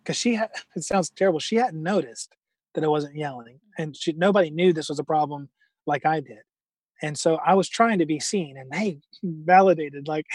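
A middle-aged man telling a personal story as a guest in an interview, earnest and halting, with many restarts. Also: a little high, a little mellow, dry recording.

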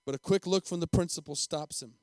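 Dramatic storytelling pastor, dry sound. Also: male voice, on the high side, brisk, a little mellow, no echo. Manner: dramatic, emphatic, repeats himself. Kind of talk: sermon storytelling.

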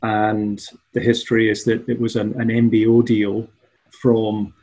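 A man's voice: fairly low pitch, monotone, measured pace, dark tone, husky, rough recording. A man being interviewed as a guest on a podcast, speaking hesitantly with frequent ums. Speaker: podcast guest, managing partner. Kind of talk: casual interview talk.

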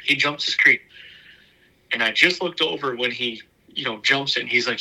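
Bright-voiced man telling a hunting tale. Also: medium pitch, moderate pace, low-quality recording. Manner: loose and rambling, full of "like" and "you know"; drops to a hushed whisper at tense moments. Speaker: bowhunter recounting a hunt. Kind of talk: casual spoken storytelling.

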